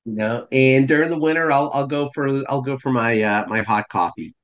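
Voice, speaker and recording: A man from Texas joins a podcast as a guest and talks in an easygoing way. His voice sits at a middle pitch. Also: normal speed, dull audio. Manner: easygoing, with fillers and restarts. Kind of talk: casual podcast chat.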